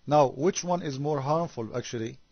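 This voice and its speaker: Husky-voiced sarcastic man, native Arabic speaker. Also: mid-range voice, normal speed, highs cut off. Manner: sarcastic, full of rhetorical questions. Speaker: religious debater. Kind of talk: critical commentary on scripture.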